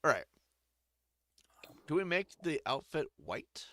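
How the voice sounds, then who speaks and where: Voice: medium pitch, sing-song, slow, fairly bright tone. A streamer giving crude, joking gameplay commentary, often laughing between remarks.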